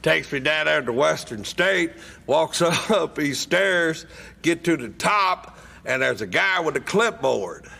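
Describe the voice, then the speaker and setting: Slow gravelly man, wry storyteller. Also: fairly high pitch, animated, bright, forceful tone. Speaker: speaker at a recovery meeting. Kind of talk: humorous personal storytelling.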